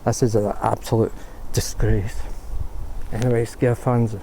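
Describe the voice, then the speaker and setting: A man rants with fury in an outdoor vlog, his voice dark and mellow. Faint outdoor noise sits behind him. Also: on the low side, little pitch movement, unhurried, gravelly. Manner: outraged, ranting, swearing. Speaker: paranormal vlogger. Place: graveyard outdoors.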